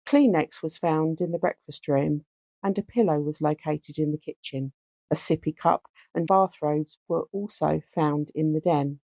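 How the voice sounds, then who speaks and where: Woman, true-crime podcast co-host, sweary, animated, low gravelly voice. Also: moderate pace, dry recording. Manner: animated, sweary, reads case notes aloud. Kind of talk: casual true-crime chat.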